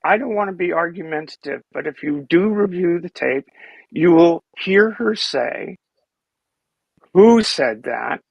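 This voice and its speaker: A man with a gravelly, fry-laden voice that sits a little high, recorded close and dry. He argues his side in a heated online talk, stopping and restarting often. He sounds defensive as he pushes back. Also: normal speed, dry recording, dull audio. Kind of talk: heated discussion.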